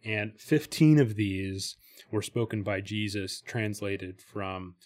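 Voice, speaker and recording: Low-voiced male podcast host, chatty. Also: steady tone, slow pace, darkish tone. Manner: talkative, many fillers and restarts, reads passages aloud. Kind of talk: casual chat about spirituality.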